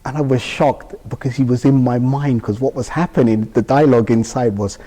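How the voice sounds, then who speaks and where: A British interview guest shares an emotional personal experience, vividly acting out the dialogue. His mid-range voice is brisk, dark, and steady in tone, followed by a long reverb tail.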